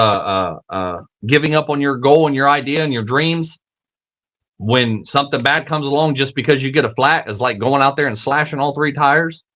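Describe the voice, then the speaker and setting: A man hosting his own podcast, talking in a casual, animated monologue. He swears freely, stumbles over repeated words and acts out the voices he quotes. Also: lo-fi sound. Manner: acts out quoted voices with big pitch jumps. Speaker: podcast host.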